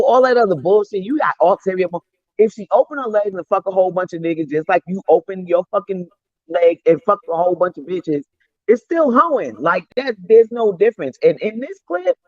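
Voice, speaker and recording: A woman's voice: mid-range voice, no echo. A woman arguing bluntly and with lots of swearing in a heated podcast debate. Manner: blunt, profane, argumentative. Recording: dry, dull lo-fi mic.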